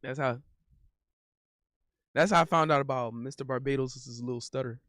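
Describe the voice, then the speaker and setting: A man's voice: mid-range voice, moderate pace, fairly bright tone, no echo, studio quality. A man in his thirties chatting casually on a livestream, rambling and repeating himself in slangy talk. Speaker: live streamer. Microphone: studio condenser mic.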